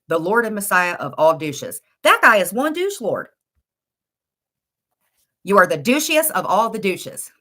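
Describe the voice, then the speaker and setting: A woman's voice: on the low side, bright, forceful tone. A middle-aged woman with a blunt, insulting, exasperated manner, ranting in casual chat on a livestream. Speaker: livestream commentator.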